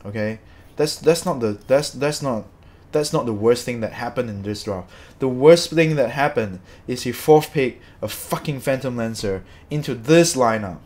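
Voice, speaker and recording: A man's voice: mid-range voice, a little mellow. Angry swearing man ranting. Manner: angry, swearing, repeats himself. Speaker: streamer. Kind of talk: ranting game commentary to chat.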